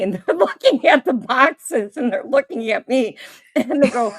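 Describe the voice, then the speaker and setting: A woman's voice: high voice, animated, measured pace, pauses often, fairly bright tone, husky. Laughing woman telling a story. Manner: laughing often while telling an anecdote. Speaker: podcast host. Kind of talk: casual storytelling chat.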